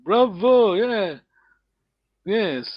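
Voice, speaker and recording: A man teaching an online language lesson, patient and encouraging, repeating words slowly for his students. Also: high voice, expressive, dry recording. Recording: dull lo-fi call audio.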